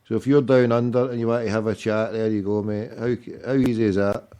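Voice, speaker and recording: Man, phone-in host, blunt, bossy, mellow voice. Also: on the low side, flat delivery, fairly quick, smooth. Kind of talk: casual fan phone-in.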